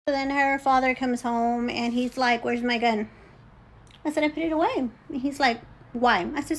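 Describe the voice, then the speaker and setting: A woman's voice: high-pitched, a little hiss or hum, rough recording. A middle-aged woman telling a personal story, agitated, full of fillers and restarts, acting out what others said. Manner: agitated, frequent fillers and restarts, acts out quoted speech. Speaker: vlogger.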